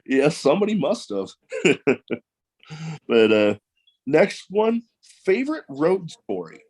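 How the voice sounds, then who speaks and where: A man from the American Midwest hosting a casual chat, relaxed and halting, with long pauses. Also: a little high, low-quality recording. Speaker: podcast host.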